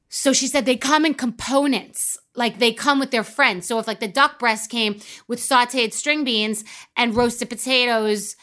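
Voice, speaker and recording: A woman's voice: fairly high pitch, moderate pace, pushed and bright. A woman hosting a podcast, telling a rambling comic story with many asides, then introducing a guest. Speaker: podcast host.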